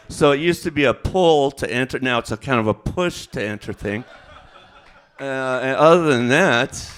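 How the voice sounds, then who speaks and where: A male comedian working through a stand-up set in a loose, rambling way. He stops and restarts often, with fillers and self-corrections between the punchlines. His pitch sits in an ordinary middle range for a man. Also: fairly bright tone, smooth.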